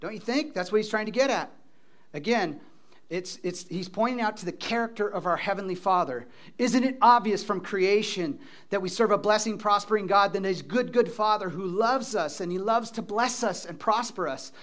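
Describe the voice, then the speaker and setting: A man preaching a sermon as pastor, animated and calling on the congregation to respond. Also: sits high, moderate pace.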